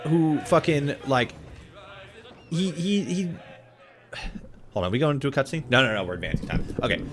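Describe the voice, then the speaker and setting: A young man with a medium-pitched, slightly bright voice chats casually while gaming on a live stream. He rambles, laughs, swears heavily, and keeps restarting his sentences.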